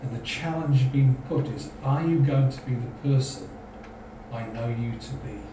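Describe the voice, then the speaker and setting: A man's voice: mid-range voice, normal speed. A man preaching a sermon in an earnest, questioning, exhorting manner. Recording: echoey hall, from far off, faint noise.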